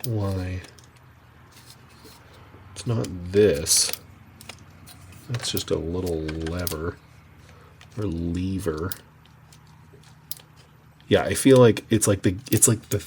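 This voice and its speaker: A man's voice: fairly low pitch, lively intonation, unhurried, long pauses, background noise. A man casually thinking aloud as he tinkers with a machine, muttering and rambling to himself, recorded through a webcam microphone. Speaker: streamer tinkering with a VCR.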